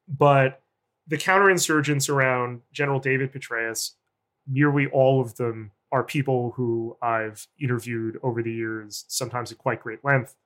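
A man, a journalist guest, giving long, deliberate analytic answers in an interview. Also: mid-range voice, a bit bright.

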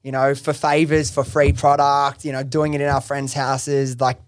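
A young man, a podcast host taking the guest seat, tells his business story in a lively, slangy way with frequent swearing and fillers. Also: medium pitch, normal speed, no room sound, clean studio sound. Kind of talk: casual interview storytelling.

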